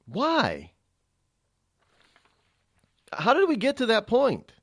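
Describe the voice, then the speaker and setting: Male radio host, rambling opinionated monologue, lively swinging pitch, dry studio sound. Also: very slow, dry recording. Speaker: radio talk show host.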